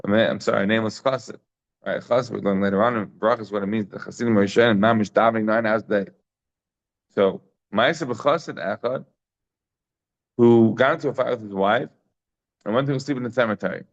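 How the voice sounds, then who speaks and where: A man's voice: fairly low pitch, fast talker, gravelly, long pauses, muffled recording. A man giving a daily Talmud lesson, emphatic and full of rhetorical questions, mixing in Hebrew and Yiddish terms. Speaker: Talmud teacher.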